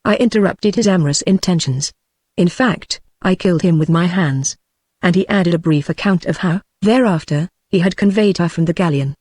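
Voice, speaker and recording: A text-to-speech woman's voice with a British English accent, reading a novel aloud in an even, measured way. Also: fairly low pitch, no echo. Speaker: narrator.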